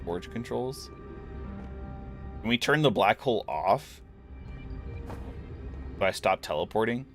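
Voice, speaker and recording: A man's voice: on the low side, expressive, takes it slowly, long pauses, soft background music. A man giving casual, rambling gameplay commentary, musing aloud as he plays. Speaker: gaming streamer.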